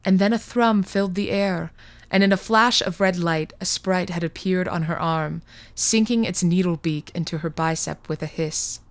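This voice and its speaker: A woman narrating a fairy tale podcast in a slow, measured, hushed manner. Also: fairly low pitch, dry recording. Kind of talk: scripted fiction narration.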